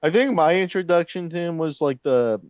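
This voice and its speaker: رجل ساخر على ميكروفون مكتوم. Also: male voice, a little high, animated, moderate pace, smooth, dry recording, lo-fi sound. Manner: dry, sarcastic humor. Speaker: podcast guest. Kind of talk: casual chat.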